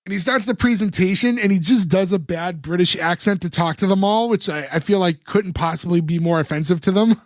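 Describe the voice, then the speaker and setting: High-voiced guy recapping a show, lots of likes and ums, dry close sound. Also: a little fast, few pauses, no echo. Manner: long retellings with many fillers and acted quotes. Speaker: podcast co-host. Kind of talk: casual episode recap.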